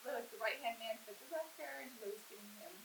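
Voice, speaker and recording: A woman's voice: fairly high pitch, very fast. A woman, a stage actress, chatting and giggling about her character. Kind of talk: casual interview. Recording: echoey room with hiss.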